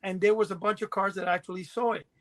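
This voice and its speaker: A middle-aged man co-hosting a podcast, telling rambling stories in a casual, animated way and laughing as he goes. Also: high voice, quick pace. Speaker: podcast co-host. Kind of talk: casual storytelling chat.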